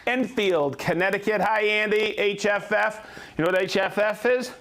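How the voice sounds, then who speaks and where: A high-pitched man with a fairly bright tone, speaking at normal speed, hosts a company livestream. Chatty and upbeat, he demonstrates products and tools and reads out where viewers are from.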